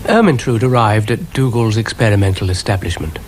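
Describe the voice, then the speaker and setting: A British man narrating a children's stop-motion story in a dry, gently wry manner. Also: mid-range voice, lively intonation, moderate pace, slight background noise.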